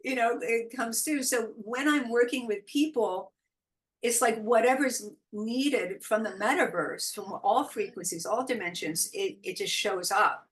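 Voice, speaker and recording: A middle-aged woman from the United States, a guest telling spiritual stories in casual interview chat, animated and quick to laugh. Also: on the high side, poor audio. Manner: animated storytelling, frequent laughs, acts out quoted voices. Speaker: guest, intuitive guide.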